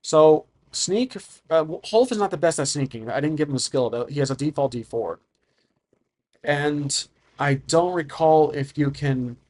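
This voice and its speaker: A man's voice: a little high, darkish tone. A man narrating a solo tabletop game, improvising and thinking aloud about the rules.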